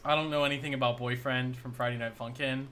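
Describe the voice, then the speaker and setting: Bright-voiced man rambling about games. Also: medium pitch, fairly even intonation, fast, smooth. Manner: rambling, heavy use of "like". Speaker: podcast co-host. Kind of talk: casual gaming podcast chat.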